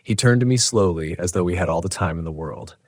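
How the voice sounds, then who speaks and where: A man telling a first-person horror story in a tense, dramatic, measured way. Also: deep voice, no echo, studio quality. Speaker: narrator.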